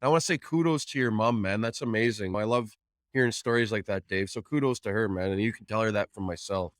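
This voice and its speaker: A man's voice: lowish voice, fast, no room sound, clean studio sound. Casual supportive man hosting a podcast. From Canada. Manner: warm and supportive, casual swearing. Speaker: podcast host.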